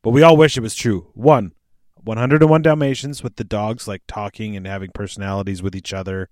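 A man's voice: on the low side, steady tone, a little fast, dry recording, clean studio sound. A man in his thirties with a Canadian accent, hosting a casual podcast chat, chatty and profane. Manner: chatty, profane, prone to laughing. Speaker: podcast host.

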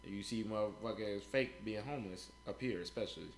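A man's voice: fairly low pitch, a little fast, reverberant, a little hiss or hum. A man co-hosting a podcast, talking in a blunt, profane, casual way. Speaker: podcast co-host. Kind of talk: casual chat.

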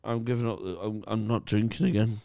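A man's voice: on the low side, fairly even intonation, a little fast, creaky. A young man from the North of England, a podcast co-host, swearing and teasing in casual banter. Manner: swearing, loud teasing bursts.

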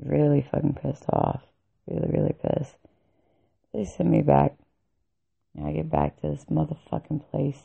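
A woman's voice: sits low, flat delivery, moderate pace, creaky, pauses often, mellow, slightly rough. A woman telling an angry, profane story about army training, with bitter laughs. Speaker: vlogger recounting army training. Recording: tinny phone-like recording.

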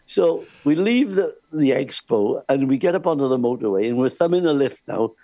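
An older man, a former cruise ship entertainer, telling lively anecdotes with frequent laughs. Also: mid-range voice, a little fast, dry recording. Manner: lively storyteller, laughs often, restarts. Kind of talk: anecdotal chat.

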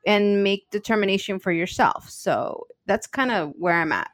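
A woman co-hosts a podcast in casual chat, telling personal stories in an earnest, open way. Her medium-pitched voice is animated and moves at a moderate pace.

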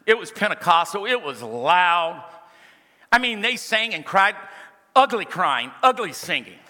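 A man's voice: sits high, very animated, unhurried, pushed and bright, in a large hall. A man preaching a sermon, telling funny stories and rising into emphatic exhortation to his congregation. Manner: humorous storytelling building to emphatic exhortation.

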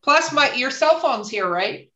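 A woman chatting casually on a podcast with dark humor, laughing often. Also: high-pitched, lively intonation, measured pace, muffled recording. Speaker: podcast guest author. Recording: roomy echo.

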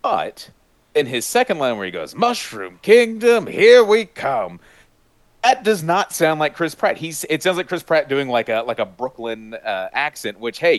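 A man talking in a casual podcast chat, enthusiastic and rambling, full of fillers and restarts, who now and then breaks into high-pitched voice impressions. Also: no echo. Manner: mimics voices with sudden high-pitched bursts. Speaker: podcast panelist.

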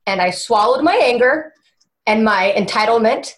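A woman's voice: a little high, moderate pace. A woman chatting casually on a podcast, telling a long story with lots of swearing and acted-out voices. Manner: animated, swears freely, acts out voices. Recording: roomy echo.

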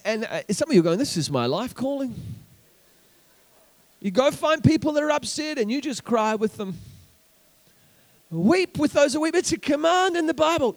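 High-voiced New Zealand pastor preaching. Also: male voice. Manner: repeats words as he builds, calls out to the congregation. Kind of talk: sermon.

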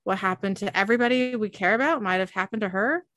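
A woman's voice: mid-range voice, fast, a bit bright, dry recording, studio quality, lightly acted. A woman reading the lines of an angry, bitter adult brother, in an accusing way, during a show recap.

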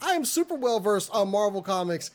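A podcast co-host in a casual panel chat, talking in an animated, exasperated ranting way. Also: medium pitch, fairly quick.

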